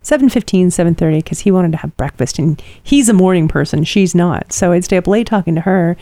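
Middle-aged woman co-host, rambling chatty delivery, fairly low warm voice, dry close sound. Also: fairly quick, dry recording. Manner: rambling and chatty, many fillers. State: tired. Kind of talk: casual chat, personal storytelling.

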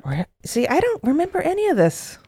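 A woman's voice: high-pitched, wildly swooping pitch, fairly quick, a loud crowd. A woman guest in casual chat, answering in short, laid-back replies. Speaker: podcast guest.

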